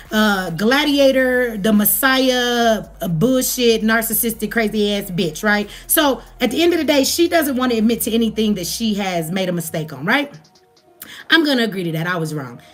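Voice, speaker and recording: High-voiced woman with an African American English accent, fired-up profane vlog rant, faint music behind. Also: a bit bright. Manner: profane, heated, calls out her audience. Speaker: commentary vlogger. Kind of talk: ranting commentary.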